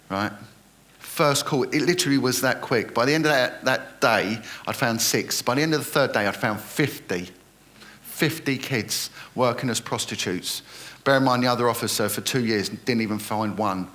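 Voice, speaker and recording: A man's voice: medium pitch, fairly quick, fairly bright tone. A middle-aged man, a retired police detective earnestly recounting his experiences in an interview and quoting others in dialogue.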